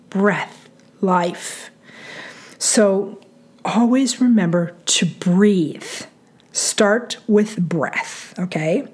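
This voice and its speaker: A middle-aged woman giving parenting advice in a calm, chatty way, repeating points for emphasis. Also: on the low side, breathy edge. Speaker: parenting coach. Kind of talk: solo advice talk.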